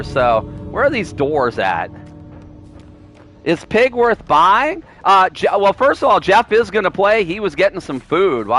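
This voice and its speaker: A man's voice: sits high, sharp tone. A man giving playful, teasing live commentary while streaming a game, sometimes pleading with other players.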